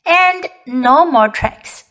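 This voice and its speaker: Calm patient mother, read by a woman. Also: sits high, very slow, heavily acted, poor audio. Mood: gently firm.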